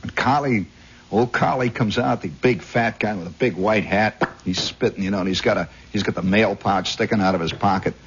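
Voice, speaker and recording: A man from Indiana telling a rambling story as a radio host, on a dull 1960s radio recording. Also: fairly low pitch. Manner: rambling, animated, husky raconteur. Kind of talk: storytelling monologue.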